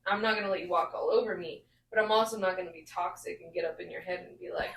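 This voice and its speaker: A woman's voice: on the low side, fast talker, vocal fry, fairly bright tone. A woman, a podcast host and mother, talking earnestly in casual chat and working through her thoughts with lots of "like". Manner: earnest, talks through ideas with many fillers. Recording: roomy echo.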